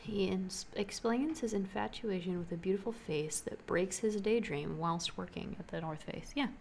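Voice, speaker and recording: A woman's voice: mid-range voice, moderate pace, creaky, a little hiss or hum. A young woman co-hosting a podcast, talking casually about music with frequent ums. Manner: relaxed, hesitant with many ums. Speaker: podcast co-host. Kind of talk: casual chat.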